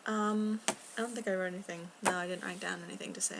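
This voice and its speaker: A young woman chatting casually in a rambling vlog at home, talking quietly and filling gaps with ums and soft laughs. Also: fairly low pitch, fairly even intonation, fast talker, creaky, very noisy. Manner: talking quietly, at times near a whisper. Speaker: vlogger. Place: home, indoors.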